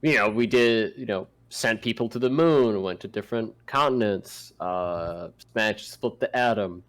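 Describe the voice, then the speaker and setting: A man's voice: on the low side, normal speed. A man co-hosting a casual podcast, leading into the topic with mock-grand, rambling build-ups full of restarts. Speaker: podcast co-host. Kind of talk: casual chat among friends.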